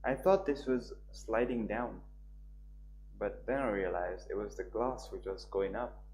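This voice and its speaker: A man's voice: a little slow, background noise. Young man reading a game aloud. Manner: animated, voices the dialogue lines higher and louder. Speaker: streamer. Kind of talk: reading a visual novel aloud with reactions. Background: guitar music.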